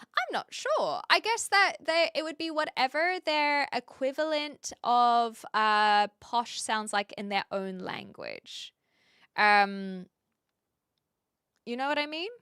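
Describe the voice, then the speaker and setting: A woman's voice: fairly high pitch, lively intonation, slow pace, a bit bright, clear, resonant tone, no echo, clean studio sound. A woman chatting casually on a live stream, reading viewer comments and correcting herself as she goes. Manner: chatty, self-correcting, talks through restarts.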